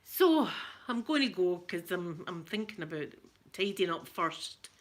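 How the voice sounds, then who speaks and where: A Scottish woman from Scotland chatting casually to her viewers, now and then cooing softly in baby talk to her pet. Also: fairly low pitch, big pitch swings, unhurried. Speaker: ASMR channel host.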